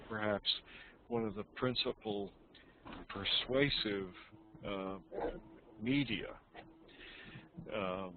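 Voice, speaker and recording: A male student, a native Russian speaker, speaking English in an online lesson, halting and repeating words as he searches for them. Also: fairly low pitch, gravelly. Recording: tinny call audio, faint hiss.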